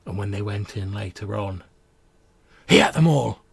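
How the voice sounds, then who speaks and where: A man's voice: deep voice, flat delivery, slow, creaky, crowd noise, exaggerated voice. A man voicing a teenage boy who dramatically tells a spooky ghost story to his friends. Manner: dramatic storyteller, building suspense.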